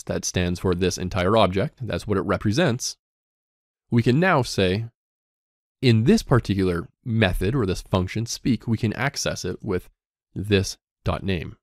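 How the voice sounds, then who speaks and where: Lively man walking through code. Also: no echo, clean studio sound. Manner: explains step by step, reading code aloud; lively ups and downs in pitch. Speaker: coding instructor. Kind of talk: screencast coding lesson.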